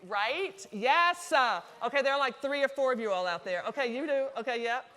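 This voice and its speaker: Woman, Southern American accent, middle-aged, bright forceful voice, chatty and joking, live cooking demo. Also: high-pitched, lively intonation, normal speed. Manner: chatty, joking, talks to the audience. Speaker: cooking demonstrator. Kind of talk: live cooking demonstration to an audience. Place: stage kitchen before a live audience.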